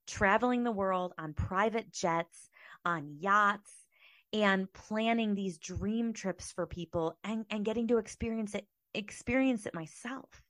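A woman in her thirties telling personal stories in a motivational monologue, animated and acting out her own past reactions. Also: medium pitch, measured pace, no room sound, studio quality.

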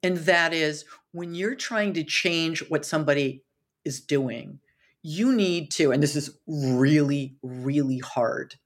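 A woman author, a podcast guest, explaining storytelling with lively retellings of film scenes. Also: low voice, slow. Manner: animated, acts out dialogue in quotes.

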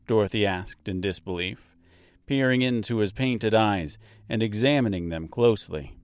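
A man narrating an audiobook novel in a measured, expressive manner on a close mic. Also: fairly low pitch, no room sound.

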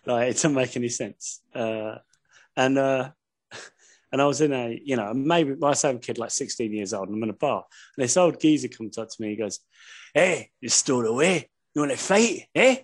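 A man's voice: mid-range voice, a little fast, darkish tone. A man chatting as a podcast guest, rambling through anecdotes with lots of swearing and laughter. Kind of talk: casual chat.

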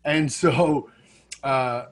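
A man casually telling a story, animated, acting out the people he quotes and laughing at himself. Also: mid-range voice, drawn-out words.

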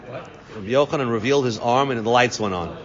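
Speaking fast at a medium pitch, a man teaches students Talmud, translating every Aramaic phrase into English. The recording is dull and lo-fi, with long reverb.

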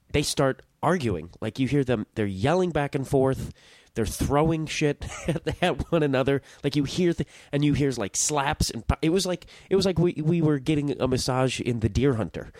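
A man's voice: mid-range voice, dry recording. A young man hosting his own podcast, telling a story in a rambling, self-interrupting way and swearing casually. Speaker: podcast host.

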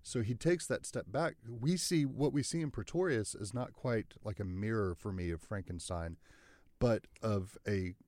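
A man with a low voice reflects on a film in a relaxed podcast conversation. The sound is dry and close, with no room echo. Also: moderate pace. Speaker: podcast co-host. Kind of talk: casual film discussion.

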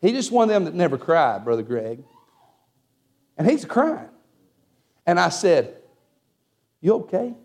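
A man's voice: fairly high pitch, sing-song, measured pace, pauses often, darkish tone. A man preaching a sermon, telling a personal story in a folksy way with frequent amens.

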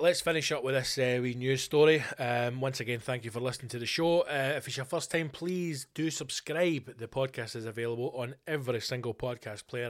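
Alone at his podcast mic, a Scottish man with a mid-range voice responds to listeners' questions in a loose, meandering style. He curses freely and livens up whenever he plays out a scenario.

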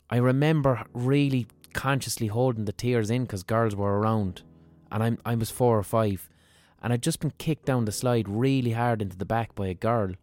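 A man's voice: mid-range voice, a little mellow, no echo. A man hosting a podcast, telling stories in a frank, rambling monologue with plenty of swearing and restarted sentences. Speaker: podcast host. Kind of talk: candid monologue.

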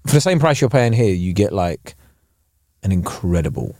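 A man's voice: deep voice, sing-song, moderate pace, warm tone, slight background noise. A young man, co-hosting a podcast and telling a story in casual chat, full of slang and acted-out quotes. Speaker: podcast co-host.

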